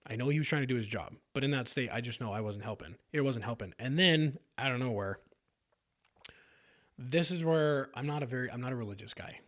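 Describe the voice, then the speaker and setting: Casting note: earnest man from Sacramento, candid storyteller, mid-pitched voice, stumbling restarts. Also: a little fast. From South Sacramento, California. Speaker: podcast guest.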